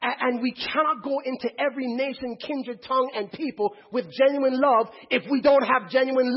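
A man's voice: extremely high pitch, steady tone, normal speed, few pauses, breathy edge, highs cut off. A man preaching a sermon to a congregation in a church, firing rhetorical questions and calling on the crowd to answer.

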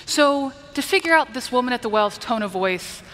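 A woman's voice: fairly high pitch, lively intonation, moderate pace, fairly bright tone, in a large hall, slight background noise. A woman preacher giving a conversational Bible teaching, explaining and checking in with her listeners. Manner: explanatory, asks the listeners "right?".

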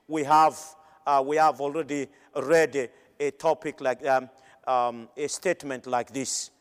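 A male preacher giving a sermon in an emphatic way, with pauses and repeated phrases. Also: on the high side. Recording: long hall reverb.

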